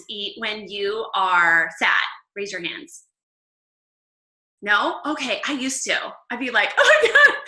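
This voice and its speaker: A woman leading a casual Bible study talk, chatty and upbeat, laughing often and filling pauses with "um.". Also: fairly high pitch, bright, forceful tone, echoey room, rough recording.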